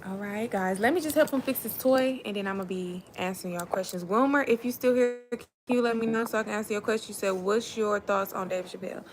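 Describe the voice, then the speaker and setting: A woman's voice: medium pitch, fast talker, hardly any pauses, background noise. A woman, hosting a casual live stream and chatting directly to her viewers. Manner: chatty, addresses viewers as y'all.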